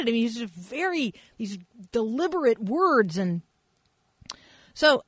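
A woman's voice: fairly high pitch, normal speed, dry recording. A woman pastor tells a story in a loose, conversational sermon, with plenty of fillers. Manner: casual, animated storytelling with fillers.

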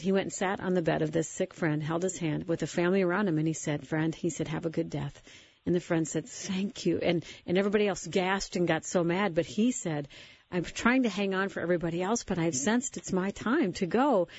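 A woman hosting a faith interview, calmly telling a story and affirming her guest. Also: lowish voice, a little fast, slightly rough. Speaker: host. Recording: dull, lo-fi sound.

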